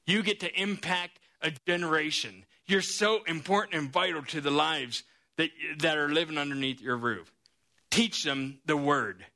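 A man preaching a sermon, telling a story in an animated, lively way. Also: fairly high pitch, normal speed.

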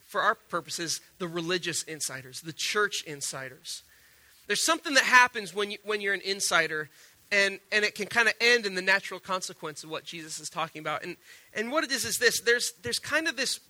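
A man preaching a casual, animated sermon as a pastor, with stammered restarts and a conversational manner. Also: high-pitched. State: sick.

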